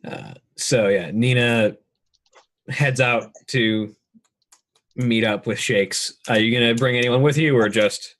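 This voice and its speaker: A man serves as game master, laying out scenes at a middle, unremarkable pitch. He talks in a halting way, filling pauses with ums and circling back on his phrases. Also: fairly bright tone. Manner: halting, filled with ums and restarts. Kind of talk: narrating a tabletop game.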